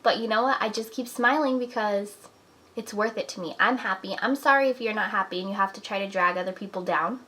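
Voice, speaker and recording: Bright-voiced young woman giving advice. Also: medium pitch, a little fast, low-quality recording. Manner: earnest, encouraging, talks with "like" and "you know". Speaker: vlogger. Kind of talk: casual advice talk to camera. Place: apartment at home.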